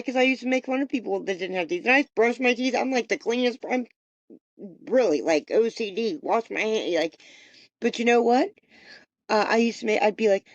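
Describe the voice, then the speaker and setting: A podcast host with a creaky, mid-range voice delivers a rambling, profane, motivational spiritual pep talk. There's no echo, though the recording has a dull lo-fi quality.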